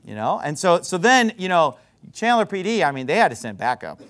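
Male pastor, sermon storytelling; high, very animated delivery, sarcastic and emphatic. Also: a little fast. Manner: emphatic, repeats words.

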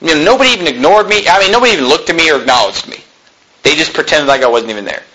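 Emphatic, high-pitched preaching man. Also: expressive, rapid-fire, low-quality recording. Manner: emphatic preaching, mocking street preachers with loud shouted impressions. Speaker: pastor. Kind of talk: sermon.

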